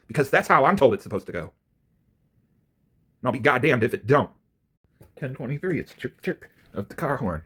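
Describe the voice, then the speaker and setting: A man with a husky, slightly rough voice tears through a fast, profane rant. His pitch leaps and drops constantly, and he swings from low grumbling mutters to loud outbursts. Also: big pitch swings. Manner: angry, profane, swings from mutters to near-shouts. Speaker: vlogger ranting to camera.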